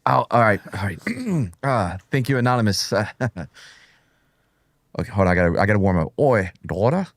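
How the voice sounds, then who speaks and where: A man's voice: lowish voice, expressive, normal speed, dry recording, studio quality. A man co-hosting a casual political show, joking and self-mocking and easily distracted. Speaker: podcast co-host.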